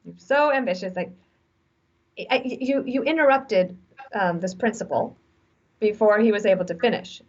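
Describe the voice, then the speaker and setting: A woman in her forties, speaking as an interview guest who gives frank, animated advice through stories. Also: medium pitch, moderate pace, pauses often. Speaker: guest author. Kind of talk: conversational interview. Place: remote video call. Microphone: video call mic. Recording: dull lo-fi video call audio.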